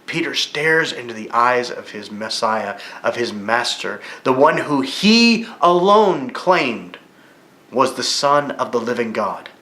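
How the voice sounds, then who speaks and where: A man teaching a Bible study lesson in a church, retelling the story vividly and rising with excitement at key moments. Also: medium pitch, slow. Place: church room. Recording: echoey room.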